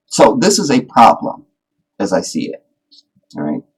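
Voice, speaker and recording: A man hosting a casual livestream, talking in an animated, rambling, joking way. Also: medium pitch, measured pace, husky, rough recording. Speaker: livestream host.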